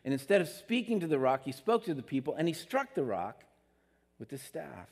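A man's voice: a little high, sing-song, a little fast, a little mellow, breathy edge. Earnest preacher man in a reverberant hall. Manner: earnest, conversational preaching with rising emphatic peaks. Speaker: pastor. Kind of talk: sermon.

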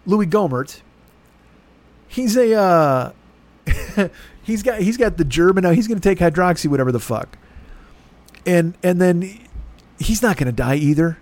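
High-voiced man ranting, exasperated. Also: animated, normal speed, long pauses, darkish tone. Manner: exasperated, profane, rambling. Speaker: podcast host. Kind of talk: ranting comedy podcast monologue.

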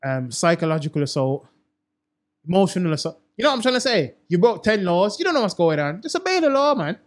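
A man's voice: sits high, big pitch swings, fast talker. A young man, co-hosting a casual chat show, talking in slang and repeating himself for emphasis. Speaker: podcast co-host.

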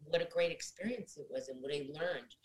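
Blunt, advice-giving middle-aged woman, slightly low. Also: brisk, low-quality recording. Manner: direct, advising, addresses listeners as "guys". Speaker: actress and guest. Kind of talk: casual interview chat.

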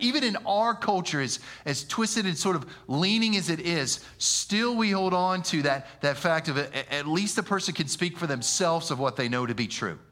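A man preaching a sermon in an animated, conversational way, using slang and often stumbling over repeated words. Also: high voice. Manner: animated, conversational, with slang and frequent stammered restarts.

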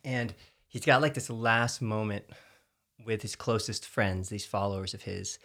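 A man's voice: lowish voice, gravelly, a bit bright. A man with a Texan accent, co-hosting a casual chat about faith and explaining scripture in an earnest, storytelling way. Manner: earnest, storytelling, filler-heavy.

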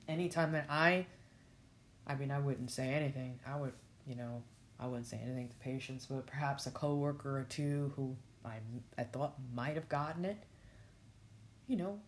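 A woman hosting a podcast, reading aloud and adding blunt, frustrated commentary with frequent swearing. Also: low-pitched. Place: at work with patients.

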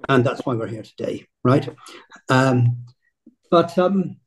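A man from Northern Ireland, a football club co-owner, talking in a measured, thoughtful way in an interview. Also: mid-range voice, expressive, a little hiss or hum, low-quality recording. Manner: measured, thoughtful, uses "right?" and "look". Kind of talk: casual interview chat.

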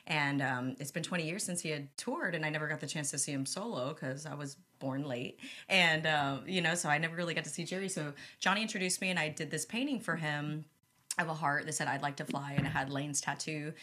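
A young woman co-hosting a podcast, telling a long personal story in a casual, animated way. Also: deep voice, a little fast. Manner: animated, acts out quoted voices when retelling. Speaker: podcast co-host.

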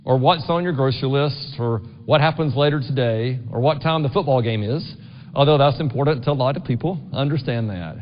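A man's voice: mid-range voice, a little fast. A middle-aged man preaching a sermon in a church, talking conversationally and often asking the congregation "right?". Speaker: pastor. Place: church sanctuary. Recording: dull long-reverb church recording.

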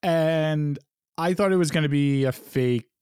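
A man with a fairly high, unhurried, slightly mellow and smooth voice co-hosts a podcast, recorded dry with clean studio sound. He chats about movies in a laid-back, hedging manner, saying "like" a lot and swearing now and then.

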